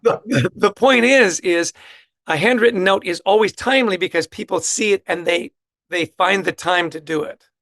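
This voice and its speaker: A middle-aged man telling lively stories with enthusiasm as a guest author in a casual interview. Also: high voice, normal speed, no echo. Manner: animated, enthusiastic anecdote teller.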